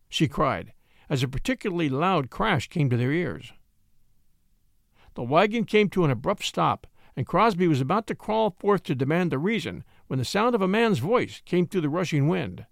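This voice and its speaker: A man narrating an old-fashioned tale with an expressive storytelling delivery. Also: fairly high pitch, normal speed, gravelly, no echo, studio quality.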